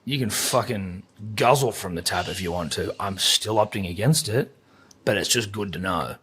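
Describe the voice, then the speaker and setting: A man's voice: on the low side, normal speed, pushed and bright, a little hiss or hum. A man in his thirties, casually telling holiday stories on a podcast, swearing freely. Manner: sweary, laid-back storytelling. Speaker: podcast co-host. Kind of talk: casual chat.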